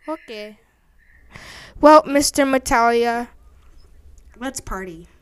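A woman's voice: high-pitched, extremely slow, smooth, no room sound. A young woman improvising a playful role-play with a friend, giggly and prone to melodramatic shrieks.

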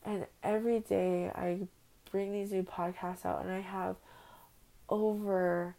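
A young woman speaks into her phone at home for her own podcast, in a heartfelt, rambling personal monologue. Her voice is gravelly and dark. She talks slowly and flatly, without much rise and fall. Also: medium pitch, poor audio. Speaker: podcast host. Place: at home on a bed.

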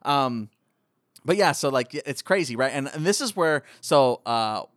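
A man talking casually with friends about an old action movie, his voice quick to leap up high when he jokes. He talks loosely with lots of fillers, recorded close and dry with no room sound. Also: dry recording. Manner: animated, jumps into high excited voices when joking.

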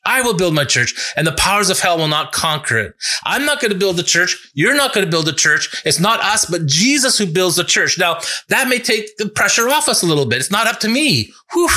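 A male pastor giving a sermon in an earnest, conversational way, building to emphatic peaks and dropping low for reflective points. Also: sharp tone. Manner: earnest, conversational preaching with restarts and rising emphasis.

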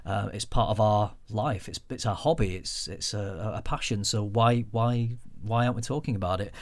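A man's voice: on the low side, moderate pace, no room sound. A man co-hosting a podcast, chatting casually and rambling a little with restarts. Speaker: podcast co-host.

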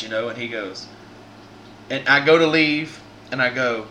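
A man's voice: medium pitch, brisk, sharp tone, slight background noise. A man hosts a podcast. He tells a long personal story in a casual, earnest way and often restarts his sentences. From Southern United States. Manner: earnest, rambling, many restarts. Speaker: podcast host.

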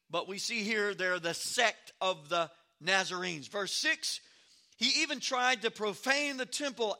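A male pastor with a high-sitting voice preaches an expository sermon, reading scripture aloud and tossing in animated, sarcastic asides.

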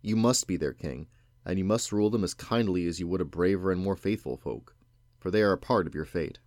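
A man voicing a wise male magician who speaks quietly and confidingly. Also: sits low, fairly quick, no echo, clean studio sound.

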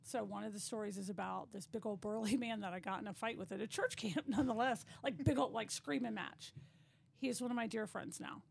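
A woman with a West Texas accent chatting as a podcast guest, an animated storyteller who acts out the voices of people she describes. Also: medium pitch, fairly quick, creaky, a little hiss or hum. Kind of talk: casual podcast chat.

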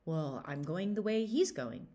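Earnest simple young lad, as a lady reads him, wide-eyed and lively. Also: fairly low pitch, measured pace. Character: plain-spoken young lad in a goatskin.

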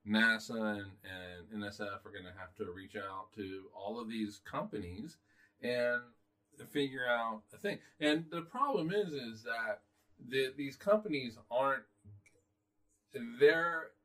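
A man co-hosting a casual podcast, opinionated and halting, restarting sentences and sighing. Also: medium pitch, fairly bright tone. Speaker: podcast co-host. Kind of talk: casual chat.

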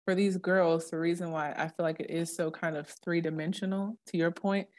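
A young woman with a slightly low voice chats on a faith podcast. She talks earnestly, with plenty of casual fillers. She leans hard into the words she wants to land. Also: little pitch movement, a little fast, darkish tone. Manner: earnest, emphatic, dramatic when quoting scripture. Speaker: podcast co-host. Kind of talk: casual Christian podcast chat.

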